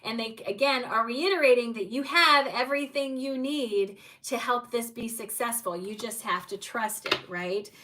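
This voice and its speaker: A woman's voice: fairly high pitch, normal speed, hardly any pauses, pushed and bright, distant mic, rough recording. A woman giving tarot card readings on a livestream, speaking encouragingly and addressing viewers by name.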